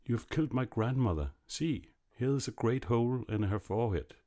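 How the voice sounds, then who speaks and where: A man voicing a clever young peasant in a fairy tale, brisk and lively. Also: medium pitch, voice pushed up, natural voice.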